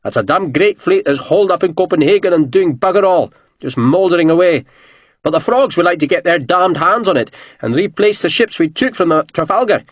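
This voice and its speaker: A man voicing a gruff, blunt army general who growls and swears. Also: high-pitched, animated, brisk, no echo, pitched above the performer's own voice. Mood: blustering.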